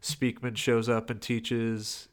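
A man's voice: mid-range voice, little pitch movement, takes it slowly. A man co-hosting a podcast, chatting casually about a movie with dry, joking asides. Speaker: podcast co-host. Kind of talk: casual chat reviewing a movie.

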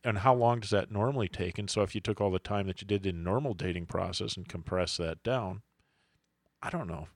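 A man's voice: lowish voice, a little fast, few pauses, no echo, clean studio sound. A man co-hosting a casual podcast, talking in a thoughtful, rambling way with many fillers. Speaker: podcast co-host.

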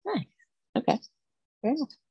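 A woman's voice: normal speed, mellow, no echo, dull audio. A woman hosting a casual podcast interview, laughing easily and encouraging her guest. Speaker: podcast host.

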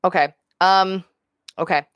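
A woman's voice: lowish voice, fairly even intonation, measured pace, clear, resonant tone, no echo. A young woman playing a tabletop game, talking hesitantly with many fillers. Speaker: player. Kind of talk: casual role-play chat.

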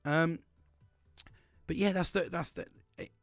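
A man's voice: fairly high pitch, fairly even intonation, a little slow, no echo. A man, talking candidly in a podcast monologue, rambling with frequent restarts and heavy swearing. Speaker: podcast host.

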